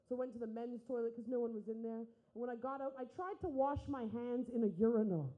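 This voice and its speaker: A woman's voice: a little high, fast, narrow, tinny audio. Brash, profane woman doing stand-up. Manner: brash, profane, acts out voices in her stories. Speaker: stand-up comedian. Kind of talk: stand-up comedy set.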